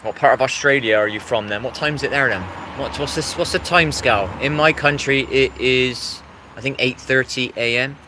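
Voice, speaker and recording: A man's voice: mid-range voice, moderate pace, noisy background. An English man talking casually on a live stream, rambling and repeating himself as he greets viewers in the chat. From England.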